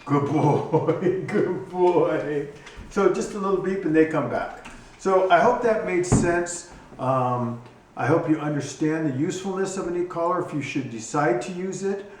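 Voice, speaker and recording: A man who trains hunting dogs explains his gear in a casual instructional video, talking haltingly with frequent ums and restarts. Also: a little high, animated. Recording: echoey room, distant mic, faint noise.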